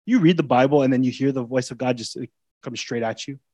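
Man, pastor, conversational sermon, middle pitch, emphatic then hushed, dry close sound. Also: fast, no room sound. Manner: conversational, swings between loud emphasis and quiet intimate asides. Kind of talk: expository sermon.

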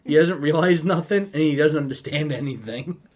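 A brisk man with a slightly high voice chats casually, spinning funny anecdotes full of laughter. He's giggly and acts out what others said.

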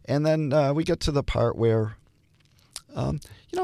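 An older man, a hospital chaplain, telling stories in an interview and acting out the dialogue with lively shifts in voice. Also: on the high side, measured pace, creaky, dry recording. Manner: animated storyteller, acts out dialogue. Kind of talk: storytelling interview.

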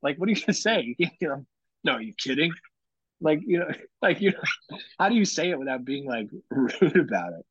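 A husky-voiced man in his thirties chats as a podcast co-host and tells his stories with lively acted quotes. His voice is close and dry, and the recording has a dull, lo-fi sound. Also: a little high, brisk, no room sound. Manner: animated storyteller, acts out quotes. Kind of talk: casual chat.

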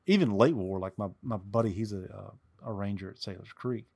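A man's voice: lowish voice, brisk, vocal fry, darkish tone, slightly rough. A man on a casual podcast, rambling through history anecdotes with many fillers. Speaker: co-host, history buff.

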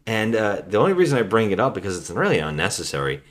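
A man hosting a podcast, casually retelling a movie plot in a rambling, relaxed way. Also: fairly low pitch, quick pace. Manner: rambling, relaxed storytelling with frequent restarts. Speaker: podcast host.

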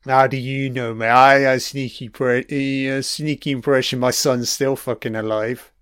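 A man's voice: mid-range voice, fairly even intonation, moderate pace, fairly bright tone, smooth, no echo, clean studio sound. A man giving a crude, mocking running commentary on a film, swearing heavily as he reacts.

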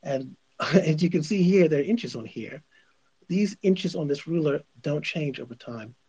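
A man's voice: fairly high pitch, animated, measured pace, dark tone, dull audio, slight background noise. A male radio host giving opinionated commentary, emphatic and insistent, repeating his points.

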